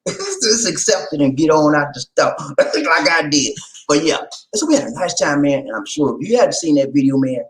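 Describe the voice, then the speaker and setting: A man talks casually to his viewers, joking and lecturing in turn. His pitch jumps around a lot and the room around him rings with echo. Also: big pitch swings, moderate pace. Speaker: vlogger. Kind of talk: casual vlog commentary.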